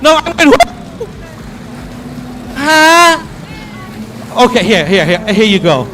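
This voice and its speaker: A man's voice: very high-pitched, measured pace, background noise. A man working a crowd at an outdoor race event on a handheld mic, counting down and calling for cheers. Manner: energetic, counts down and calls for cheers. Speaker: crowd hype host. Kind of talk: live event crowd work.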